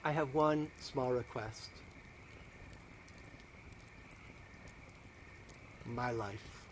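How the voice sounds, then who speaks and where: A man doing a quiet, grave young queen. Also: sits high, normal speed, slight background noise, lightly acted. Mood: solemn. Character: brave, solemn young queen.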